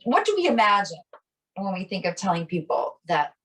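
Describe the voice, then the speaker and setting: A middle-aged woman co-hosts a relaxed conversation, telling stories about her own life in an animated way and slipping into the voices of the people she quotes. Her pitch sits in a middle range. She is recorded a little way back from the microphone, so she sounds slightly distant. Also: normal speed. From Italian American. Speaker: podcast co-host. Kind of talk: casual conversation. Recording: voice a bit distant from the mic.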